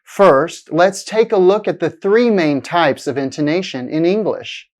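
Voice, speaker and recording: A woman teaching a pronunciation lesson in a scripted, clear manner, stretching out example sentences. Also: fairly low pitch. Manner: clear, deliberate, exaggerated intonation in examples.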